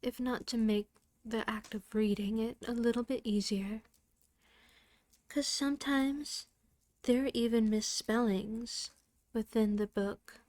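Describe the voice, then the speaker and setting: A woman reading folk tales aloud in a careful, unhurried way, with chatty asides between passages. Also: on the high side, a little mellow, dry recording. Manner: slips into a light Irish lilt when reading dialect passages. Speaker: reader.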